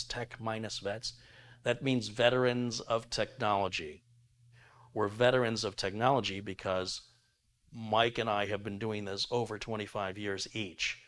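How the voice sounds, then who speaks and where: A middle-aged man with a fairly low voice hosts a casual live stream. He chats loosely and reads viewer messages aloud, laughing easily as he goes. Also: fairly bright tone. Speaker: live stream tech host. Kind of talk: casual live stream chat reading donations.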